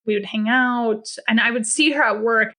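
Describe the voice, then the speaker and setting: Woman, slightly high voice, blunt and emphatic first-person storyteller who swears and acts out dialogue. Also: normal speed, sharp tone. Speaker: podcast guest sharing a personal story.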